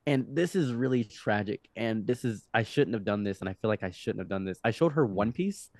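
A young man in his twenties, a podcast guest telling a story in a loose, animated way, with laughs, restarts and swearing. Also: lowish voice, fairly quick, dry recording. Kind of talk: casual storytelling.

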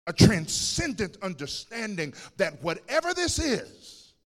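A man preaching a sermon as pastor, moving between loud, fervent declarations and hushed, whispered passages. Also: high-pitched, wildly swooping pitch, unhurried. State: lives with chronic pain.

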